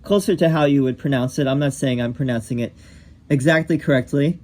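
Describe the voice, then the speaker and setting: A man's voice: mid-range voice, a little fast, darkish tone. A man teaching as a yoga teacher, explaining pronunciation patiently, correcting himself and saying each sound aloud.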